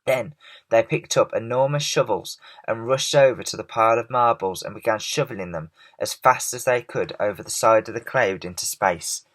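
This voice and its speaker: A man reading a children's storybook aloud in an expressive, measured way. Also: fairly low pitch.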